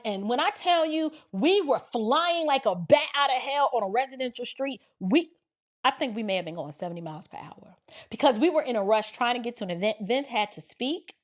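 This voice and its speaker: Animated, colloquial middle-aged woman. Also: fairly high pitch. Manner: animated, colloquial, acts out quotes. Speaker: reaction video host. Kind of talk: casual commentary and storytelling.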